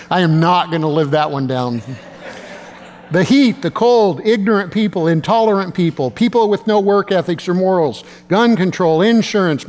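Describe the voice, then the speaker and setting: A man's voice: high-pitched, long reverb tail. A male pastor preaching a sermon in a conversational way, with self-deprecating humor.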